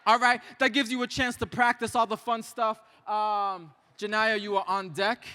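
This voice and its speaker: A man's voice: high-pitched, normal speed, smooth. A man from Puerto Rico emceeing a school poetry showcase, hyping the crowd with call-and-response before reading his own poem. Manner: energetic call-and-response hype. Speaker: emcee and poet. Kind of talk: hyping a live crowd, then spoken word poetry. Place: school auditorium stage. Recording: echoey hall, stage mic.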